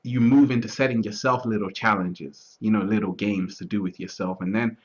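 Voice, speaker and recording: A man with a low, husky voice talks through his ideas in an easygoing interview, circling back and restarting phrases as he goes. The recording sounds dull and lo-fi. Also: fairly even intonation, a little fast. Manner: repeats words, restarts often, asks "you see what I'm trying to say". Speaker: interview guest. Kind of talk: reflective casual conversation. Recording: dull lo-fi audio.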